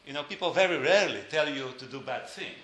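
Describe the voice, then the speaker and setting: A man's voice: fairly high pitch, animated, fast, a bit bright, reverberant, rough recording. A man giving a lecture, hesitant with many fillers and dry joking asides.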